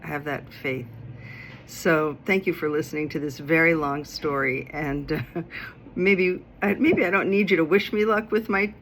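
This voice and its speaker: A woman's voice: low voice, measured pace, a little hiss or hum. Chatty woman telling a story. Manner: chatty, animated, acts out voices of others. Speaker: vlogger. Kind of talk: casual storytelling. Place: outdoors in a city.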